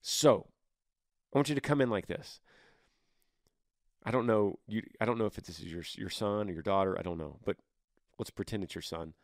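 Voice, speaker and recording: A man hosting a podcast, giving earnest, gently persuasive advice on listener questions in a casual way. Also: lowish voice, normal speed, pauses often, no echo, clean studio sound.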